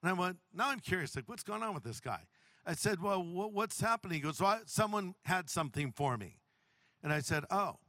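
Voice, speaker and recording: A man preaching a sermon as a pastor, telling a humorous story with lively delivery. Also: sits high, a little fast, no room sound.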